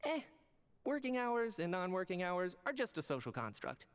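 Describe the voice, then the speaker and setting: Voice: mid-range voice, sing-song, normal speed, clear, resonant tone. An actor playing a playful, carefree young game character who talks in a breezy, cheerful way.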